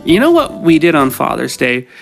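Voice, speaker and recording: Brief: middle-aged Canadian guy with a cold, solo podcast host, rambling and jokey, a little high for a man, soft guitar under him. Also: huge pitch swings, normal speed, gravelly. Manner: rambling, jokey, self-deprecating. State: has a cold. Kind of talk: casual solo podcast chat.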